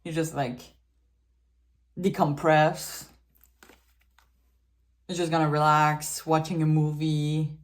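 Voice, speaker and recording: Chatty woman, lowish voice. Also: level tone, slow pace, pauses often. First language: French. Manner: chatty and giggly, loose filler-heavy talk. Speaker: tarot reader. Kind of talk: casual tarot reading.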